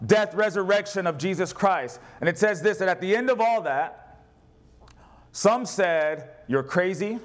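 Higher-voiced preacher in a sermon. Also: male voice, animated, a little slow. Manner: preaching, quotes scripture, asks the congregation questions. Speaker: pastor.

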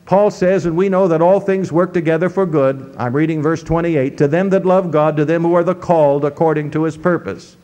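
A high-voiced man preaches from the pulpit. He teaches through scripture verse by verse, his pitch sweeping up in emphasis and dropping low again. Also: fairly even intonation, a little fast, hardly any pauses, a little mellow, highs cut off. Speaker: pastor. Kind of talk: sermon.

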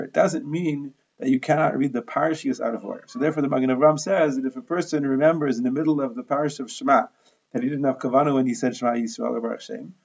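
Gravelly man explaining a Talmud lesson. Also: medium pitch, lo-fi sound. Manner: steady, methodical explaining, Hebrew and Aramaic terms mixed into English. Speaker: Talmud teacher.

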